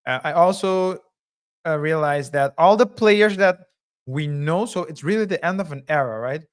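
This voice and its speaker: A man's voice: a little high, normal speed, clear, resonant tone. A man co-hosting a podcast in casual chat, rambling with many fillers and hedges. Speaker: podcast co-host.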